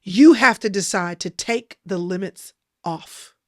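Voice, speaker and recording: A woman's voice: medium pitch, measured pace, darkish tone, no echo, studio quality. A woman giving a motivational Christian sermon in an emphatic, repetitive preaching cadence. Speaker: Christian speaker.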